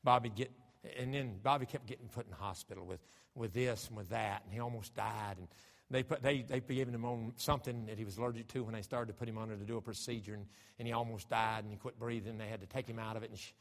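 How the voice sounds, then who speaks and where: A man with an American accent, a pastor preaching a sermon emphatically, moving from hushed storytelling to raised, fervent delivery. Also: mid-range voice, vocal fry. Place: church sanctuary. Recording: church hall reverb.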